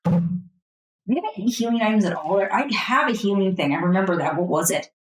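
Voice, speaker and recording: A woman playing a tabletop game, blunt and quick to swear. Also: mid-range voice, animated, roomy sound. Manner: blunt, swears, laughs easily. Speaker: player. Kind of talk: casual tabletop play.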